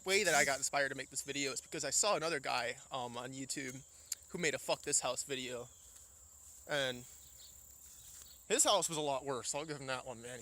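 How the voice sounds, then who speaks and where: Crickets and insects buzz faintly while this vlogger, a young man from Indiana, walks a farm and complains profanely, winded and ranting. His mid-range voice has a sharp edge, with slight background noise in the recording.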